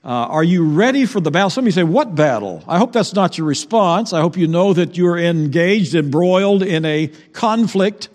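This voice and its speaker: A man pastor with a fairly high voice preaches a Sunday sermon in a conversational, unhurried way, dropping in fillers and repeated words. His voice carries a long, ringing church reverb. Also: a little mellow. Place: church sanctuary.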